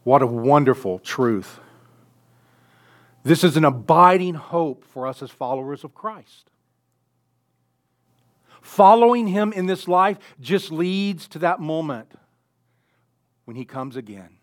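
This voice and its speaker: Guy preaching a sermon, kinda high voice, gets big and loud on the key bits. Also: expressive, takes it slowly, long pauses. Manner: earnest preaching, swells loud on key phrases. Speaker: pastor.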